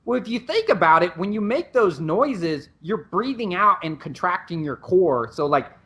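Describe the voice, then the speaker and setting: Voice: mid-range voice, very animated, normal speed, a bit bright. A podcast co-host and Muay Thai coach, explaining things in a casual way with many restarts. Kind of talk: casual chat.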